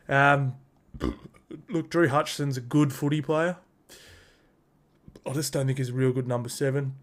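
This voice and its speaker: A man's voice: mid-range voice, fairly even intonation, moderate pace, pauses often. An Australian man hosting a casual sports review, talking in a blunt, slangy, heated rant. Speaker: sports podcast host.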